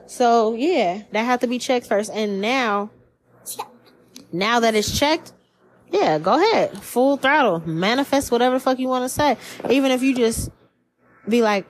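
A woman's voice: fairly high pitch, moderate pace. A woman giving a casual spiritual reading as a podcast host, blunt and profane, acting out the voices she quotes. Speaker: tarot and astrology reader.

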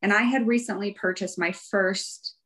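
A woman's voice: mid-range voice, fairly even intonation, normal speed, a bit bright, rough recording. A woman guest in a casual interview, telling her story in a rambling, chatty way with light laughs. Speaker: guest, fiber arts professional.

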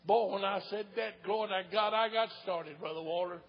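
An older evangelist man with an East Tennessee Southern accent, preaching an old-time revival sermon in a folksy storytelling way that swells into shouts. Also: high-pitched, normal speed, creaky, husky. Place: church sanctuary. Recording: dull lo-fi church recording with long reverb.

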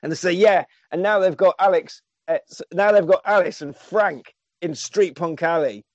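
A man's voice: high-pitched, moderate pace, dry recording, highs cut off. A man casually recounting a film's plot, acting out lines and swearing freely. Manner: animated storyteller, acting out quotes, swears freely. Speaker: podcast co-host recapping a film. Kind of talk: casual chat.

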